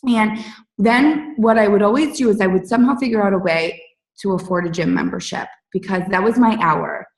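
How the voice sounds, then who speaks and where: A woman's voice: mid-range voice, brisk. A woman in her late thirties telling her personal story to her team in a candid, chatty way, with plenty of "like" and "you guys". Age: 30s. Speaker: fitness coach speaking on a team call. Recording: roomy, distant from the mic.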